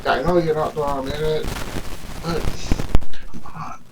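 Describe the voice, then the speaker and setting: A man's voice: on the high side, steady tone, moderate pace, a little mellow, recorded from a distance, poor audio. A man delivering a rambling, argumentative casual monologue to the camera, full of fillers and restarts. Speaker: vlogger.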